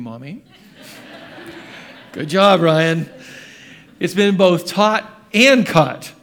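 An older male pastor preaches in church, slipping between fond family memories and questions to the congregation. His voice sits a little high for a man. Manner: storytelling, quizzes the congregation. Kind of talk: sermon with personal stories.

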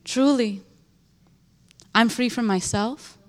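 A young woman giving an emotional, animated church testimony, telling a story with laughter and emphatic repetition. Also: a little high, slow. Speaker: speaker sharing a testimony.

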